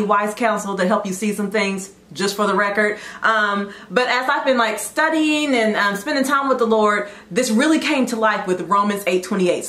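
A woman's voice: mid-range voice, fairly bright tone, echoey room. A woman in her late thirties hosting a faith talk show, chatty and encouraging, with side notes as she goes. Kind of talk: casual devotional talk.

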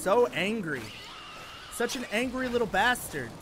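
A man's voice: very high voice, lively intonation, a little slow, background noise. A man streaming a horror game, talking to himself, swearing freely and yelping when something startles him. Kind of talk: gaming stream commentary.

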